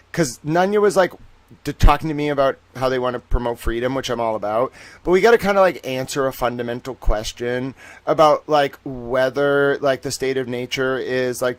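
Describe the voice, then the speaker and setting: A male livestream host chats casually with his viewers in a mid-range voice, rambling and playful. He jumps from greetings to long tangents, padding his sentences with fillers as he goes. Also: medium pitch. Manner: animated, greets chat viewers by name.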